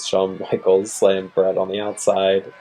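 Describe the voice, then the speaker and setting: A man's voice: deep voice, completely flat delivery, a little slow, mellow, slight background noise, rough recording. A man giving casual play-by-play commentary while rewatching a wrestling match, laid-back and chuckling often, with bursts of surprise.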